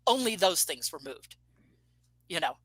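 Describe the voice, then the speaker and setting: A woman in her fifties tells a personal story as an interview guest, with a bright, forceful tone. She brings the quoted dialogue to life with animated delivery and restarts her sentences as she goes. The recording is dry and close. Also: lowish voice, a little slow, breathy edge, no room sound, low-quality recording.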